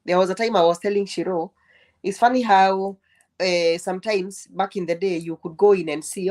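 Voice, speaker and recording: A woman's voice: medium pitch, steady tone, moderate pace, darkish tone. A woman sharing her experience on a group call, thoughtful and asking rhetorical questions with a few false starts. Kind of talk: casual group chat.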